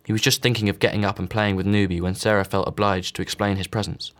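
A man's voice: fairly low pitch, little pitch movement, quick pace, a bit bright. A man narrating a novel, reading all the characters with slight voice shifts. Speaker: audiobook narrator. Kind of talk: scripted narration.

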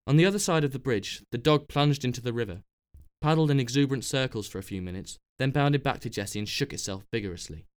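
A man narrating a novel in a measured, even storytelling manner. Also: medium pitch, clean tone. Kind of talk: scripted narration.

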